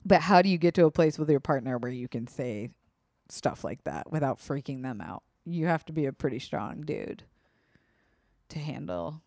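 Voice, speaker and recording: A woman's voice: low voice, no echo, clean studio sound. A woman hosting a podcast, speaking frankly and emotionally about her own life, swearing freely and acting out her own quoted thoughts. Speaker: podcast host. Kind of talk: candid casual podcast talk.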